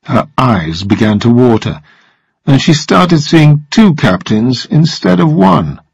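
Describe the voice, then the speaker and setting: A man reading a story aloud for language learners in an expressive, clear way. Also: mid-range voice, slow, no echo, dull audio. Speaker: story narrator.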